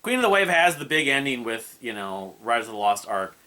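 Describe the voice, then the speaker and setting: A man's voice: mid-range voice, very animated, fairly quick, bright, forceful tone. A man casually reviewing an album, rambling and hesitant with many fillers and restarts. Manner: hums and scats melodies.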